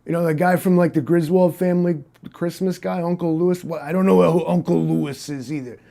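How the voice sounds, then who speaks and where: A man voicing a brash Soviet cyborg who poses as a tough big-city detective, talking in a gruff, condescending way. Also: fairly high pitch, steady tone, a little fast, mellow. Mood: scolding. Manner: boastful, condescending, tough-guy talk. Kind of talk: improvised comic interview.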